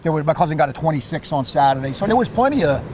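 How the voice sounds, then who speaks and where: New York surf fisherman, lively raised voice, outdoors with faint background noise. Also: a little high, rapid-fire. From Queens, New York. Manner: animated storyteller with repeated words and restarts. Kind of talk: casual chat.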